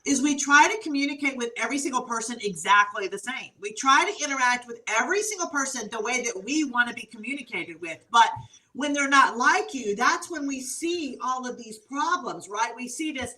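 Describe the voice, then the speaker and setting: A woman guest with a bright, fairly high voice answers questions in animated, exclamatory stories. She sounds a little distant from the microphone. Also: fairly quick. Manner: animated, exclamatory, laughs often. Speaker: guest behavior consultant. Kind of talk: storytelling interview answers.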